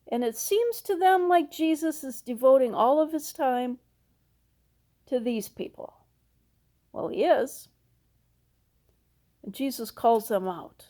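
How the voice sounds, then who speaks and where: A woman's voice: sits high, a little mellow. A woman pastor preaching a sermon, retelling a parable in a folksy storytelling way. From Minnesota. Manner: slow, storytelling, acts out characters with folksy asides.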